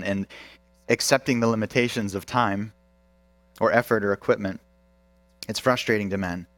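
A man's voice: on the low side, steady tone, moderate pace, pauses often, a bit bright, dry recording. A male pastor preaching a sermon with emphasis, asking the congregation questions.

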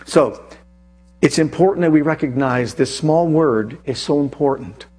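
A male preacher giving an animated sermon, telling a personal story and reading scripture aloud with emphasis. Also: on the high side, measured pace, husky.

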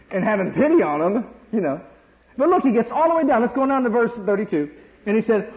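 A middle-aged man preaching a sermon, animated and acting out voices in a bargaining tone. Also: sits high, brisk, long pauses. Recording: dull lo-fi sound.

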